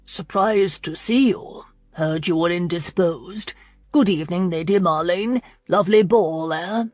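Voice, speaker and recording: A woman's voice: on the low side, unhurried, a little mellow, no room sound, clean studio sound. A woman narrator voicing an older nobleman who chirps in short clipped phrases. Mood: chirpy. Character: older male lord, chirpy casual acquaintance.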